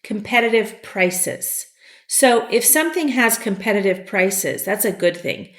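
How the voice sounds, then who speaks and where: Slow, patient woman teaching English. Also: mid-range voice, animated, fairly bright tone, reverberant. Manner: slow, patient explaining with fillers. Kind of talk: vocabulary lesson.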